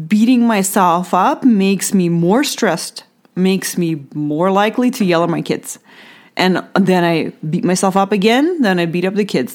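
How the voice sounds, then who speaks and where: A woman's voice: on the low side, darkish tone. A mother hosting her own podcast, talking earnestly and encouragingly straight to the listener in a reflective solo talk.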